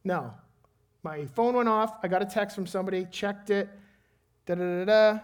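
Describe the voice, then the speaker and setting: Man, pastor, sermon, lively storytelling, earnest prayer. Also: sits high, moderate pace, clean tone.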